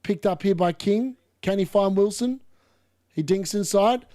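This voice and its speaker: A man hosting a live football watchalong, commenting on play and ranting opinions, getting excitable and yelling at chances. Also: high-pitched, unhurried, no echo, studio quality. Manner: excitable, yells at chances on screen. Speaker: host of a fantasy football watchalong.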